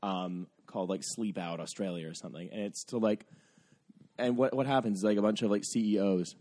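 A man with a mellow, dark-toned voice chats loosely on a comedy podcast. He rambles through his stories, full of filler words. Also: lowish voice, fairly even intonation, fairly quick. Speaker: podcast host. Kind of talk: casual comedic chat.

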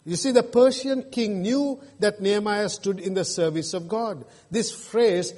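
A man's voice: sits high, a little mellow. A male pastor from Australia preaching an emphatic sermon to his congregation. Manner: emphatic preaching with mocking jeers and pauses. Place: church sanctuary. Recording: reverberant church hall.

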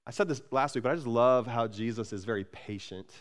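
A pastor preaching a sermon, energetic and conversational, repeating words and swinging between loud emphasis and soft, tender passages. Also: male voice, mid-range voice, a little fast.

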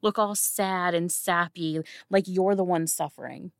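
A woman's voice: lowish voice, fairly even intonation, unhurried, gravelly, smooth, no echo, clean studio sound. A woman playing a blunt, defiant young fighter.

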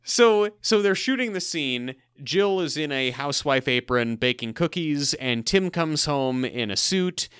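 A man's voice: a little high, animated, measured pace, few pauses, a bit bright, smooth, no echo, studio quality. A man co-hosting a TV rewatch podcast, recapping scenes in a casual, wry and sarcastic way. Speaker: podcast co-host.

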